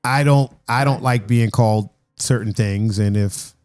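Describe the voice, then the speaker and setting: A man's voice: fairly low pitch, a little slow, darkish tone, soft background music. A man hosting a casual birthday podcast with friends, rambling and laughing often. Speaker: podcast host.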